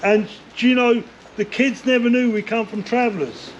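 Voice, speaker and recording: An older man, a former bare-knuckle fighter, is a guest in a casual storytelling interview, telling long, rambling tales with plenty of swearing and "like" and "you know." His voice is high for a man, with fairly even intonation and a moderate pace, and the recording is dull and lo-fi with a faint hiss.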